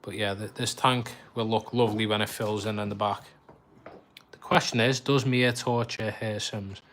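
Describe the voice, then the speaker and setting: A man's voice: fairly low pitch, steady tone, normal speed, fairly bright tone, a little hiss or hum. Chatty Scouse man streaming live. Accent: Liverpool (Scouse). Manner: chatty, laughs often, self-mocking. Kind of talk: casual live-stream chat.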